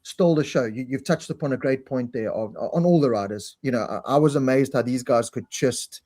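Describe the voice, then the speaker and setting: A man's voice: mid-range voice, a little fast, mellow, no echo, clean studio sound. A man hosting a casual live-streamed talk show. He chats freely, often repeats words, and reads out viewer comments. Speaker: podcast host.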